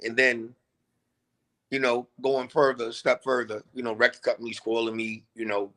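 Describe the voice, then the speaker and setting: A man's voice: medium pitch, level tone, moderate pace, a bit bright. A man who is a guest rapper, telling his story in an interview in a reflective, laid-back way. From New York.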